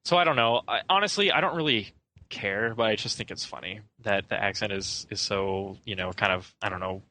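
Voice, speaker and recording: Halting, bright-voiced podcast guy. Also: fairly low pitch, a little hiss or hum. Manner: rambling and hesitant, full of "I don't know". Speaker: podcast co-host. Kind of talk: casual film discussion.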